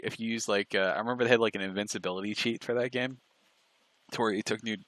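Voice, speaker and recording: A man in casual chat on a live stream, rambling and halting with restarts and fillers. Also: fairly low pitch, pushed and bright, no echo. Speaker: stream co-host.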